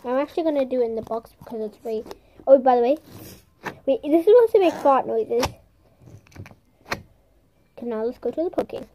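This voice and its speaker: A young woman with a high, bright-sounding voice chats through a casual show-and-tell of toys. She is bubbly and playful, slips into soft whispers for ASMR moments, and makes silly sound effects. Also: lively intonation, brisk, long pauses, lo-fi sound, slight background noise. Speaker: vlogger showing squishies and slime.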